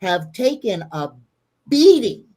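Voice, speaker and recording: A woman's voice: medium pitch, sing-song, slow, warm tone, husky. A woman in a casual political chat on a video call, making folksy, earnest predictions.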